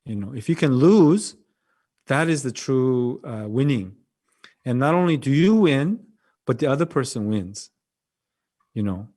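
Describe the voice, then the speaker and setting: Halting Korean-accented monk giving a talk. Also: male voice, medium pitch, expressive. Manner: gentle, halting, repeats phrases often. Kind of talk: dharma talk over video call. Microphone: video call.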